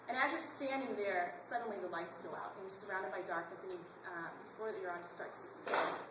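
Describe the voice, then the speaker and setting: A woman's voice: medium pitch, fairly quick. A woman in her thirties giving a heartfelt personal testimony to an audience, speaking directly to them in a conversational way. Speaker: parent speaking at a charity kickoff. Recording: echoey hall, background noise.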